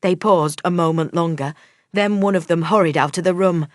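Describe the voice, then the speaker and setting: A woman narrating a first-person audiobook in a measured, steady storytelling manner. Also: fairly low pitch, dry recording, clean studio sound.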